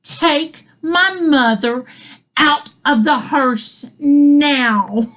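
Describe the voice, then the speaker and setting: A woman's voice: sits high, drawn-out words, a bit bright, heavily acted. A woman voicing her tense, exasperated mother, gritting the words out through clenched teeth.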